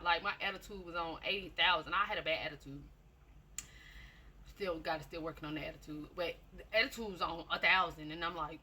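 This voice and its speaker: In a lowish, slightly rough voice with a bright, forceful tone, a woman shares a casual personal testimony. Her chatty storytelling is repetitive, and she frequently speaks straight to her listeners.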